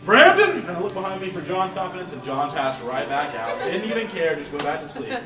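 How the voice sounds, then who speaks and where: A young man does stand-up at a coffee-shop open mic, his high voice swinging wide as he rambles and laughs at his own jokes. He sounds far from the mic in a roomy space. Music plays behind him. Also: lively intonation, fast talker. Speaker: stand-up comic. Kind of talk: stand-up storytelling.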